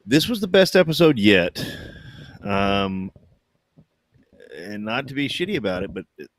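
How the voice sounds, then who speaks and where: Lively low-voiced man chatting. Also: a little slow, no room sound, clean studio sound. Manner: animated, hesitant, many fillers. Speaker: podcast co-host. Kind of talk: casual chat.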